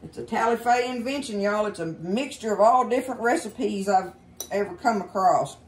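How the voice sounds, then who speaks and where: A woman's voice: medium pitch, moderate pace, slight background noise. Folksy woman cooking at home. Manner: chatty, folksy, keeps addressing viewers as y'all. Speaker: cooking show host. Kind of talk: casual cooking demonstration. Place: home kitchen.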